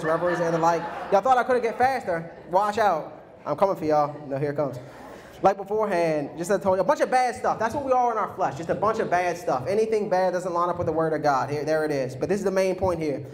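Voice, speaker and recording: A man preaching a sermon in an energetic, conversational way, often saying "man" to the congregation. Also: a little high.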